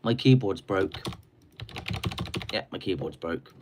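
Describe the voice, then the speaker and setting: Deep, lively, slightly hoarse man, a rambling live-stream host. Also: slow, background noise. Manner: rambling, chatty, sucking a cough sweet. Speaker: livestream host. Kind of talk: casual live stream chat.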